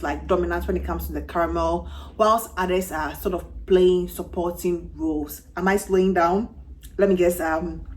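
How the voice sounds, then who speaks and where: A woman's voice: fairly low pitch, a little mellow. A woman in her thirties from Ghana with a Ghanaian English accent, chatting through a casual perfume review with frequent "you know" fillers and restarts. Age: 30s. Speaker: fragrance vlogger.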